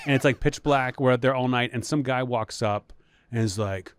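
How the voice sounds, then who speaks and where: A man's voice: medium pitch, normal speed, smooth, no echo. Male comedian guest, mid register, wry storyteller, dry close mic. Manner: wry storyteller, acts out quoted lines. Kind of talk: casual chat.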